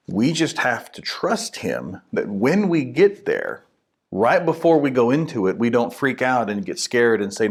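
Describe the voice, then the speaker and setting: A man's voice: medium pitch, slightly rough. A young man, a minister, giving a short casual devotional talk in a conversational way. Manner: conversational, animated, acts out quotes.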